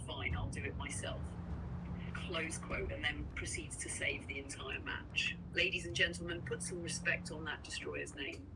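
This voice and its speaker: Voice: medium pitch, heavy background noise. A text-to-speech companion voice giving dramatic mock commentary, reading quote marks aloud. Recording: distant voice under loud music.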